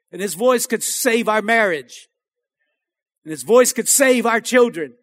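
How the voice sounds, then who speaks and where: A male pastor preaching a sermon in a church, calling out to the congregation for amens and rising to shouts. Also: very high-pitched. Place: church sanctuary.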